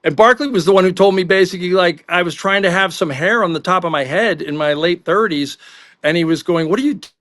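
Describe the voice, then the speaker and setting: High, bright-voiced storytelling man. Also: a little fast, no echo. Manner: animated anecdotal storytelling. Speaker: panelist, sports writer. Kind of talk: casual podcast chat.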